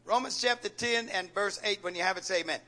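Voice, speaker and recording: Male pastor, very high voice, sharp tone, call-and-response sermon with teasing rhetorical questions. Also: fast talker. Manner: preacher's rhetorical questions, coaxing and joking. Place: church sanctuary with congregation.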